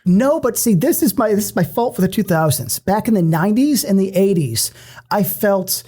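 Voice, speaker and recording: A man co-hosting a podcast, chatting casually about movies in an animated way, swearing freely and restarting often. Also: high voice, normal speed. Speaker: podcast co-host. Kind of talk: casual movie-discussion chat.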